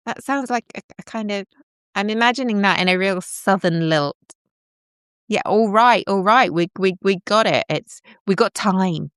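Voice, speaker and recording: A woman's voice: medium pitch, measured pace, fairly bright tone, clear, resonant tone, no echo, clean studio sound. A woman hosting a casual live stream from home into a microphone, rambling and joking at her own expense as she talks with viewers. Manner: rambling, joking, self-mocking, chatty. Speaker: livestream host. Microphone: plugged-in microphone with headphones.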